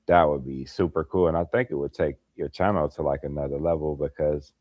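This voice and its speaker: A very deep, steady voice comes from a man hosting a late-night livestream at home, holding a light and speaking briskly. The dry, lo-fi recording captures him chatting casually with viewers by name and laughing frequently.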